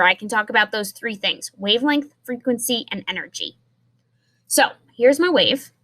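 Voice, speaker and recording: A woman's voice: on the high side, fairly bright tone. Chatty woman teacher explaining science. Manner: chatty, explaining with restarts and fillers. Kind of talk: recorded science lesson.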